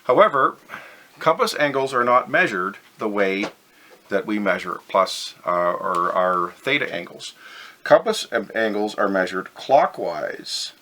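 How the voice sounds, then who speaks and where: A man's voice: fairly low pitch, expressive, unhurried, sharp tone. A man teaching a physics lesson over slides, methodical and step by step, stressing the key words.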